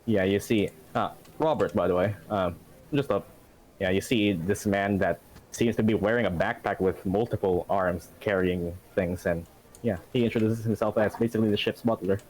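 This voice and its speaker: A man's voice: lowish voice, normal speed, a little mellow, poor audio. A man narrating a tabletop game as game master, rambling with many fillers and laughing often.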